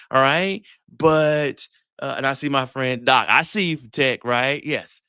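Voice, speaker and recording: A middle-aged man, a psychologist giving a lively live talk. He tells stories, acts out the dialogue and keeps asking the crowd if they get it. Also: fairly high pitch, unhurried, no room sound, clean studio sound. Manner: animated storytelling, acts out dialogue, asks the crowd questions. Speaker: psychologist giving relationship advice.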